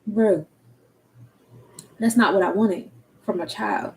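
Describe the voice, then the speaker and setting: A woman's voice: medium pitch, slow pace, gravelly, darkish tone, a little hiss or hum, poor audio. A woman in her thirties with a Philadelphia accent, talking candidly and casually in slang, cursing freely as a tarot reader and energy coach. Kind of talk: casual livestream talk.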